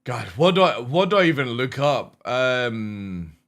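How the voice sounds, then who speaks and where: Slow-talking Scottish man, sweary streamer. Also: medium pitch, big pitch swings, a bit bright. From Scotland. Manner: blunt, sweary, thinking aloud with long murmured pauses. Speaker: game streamer. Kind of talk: casual live-stream chat.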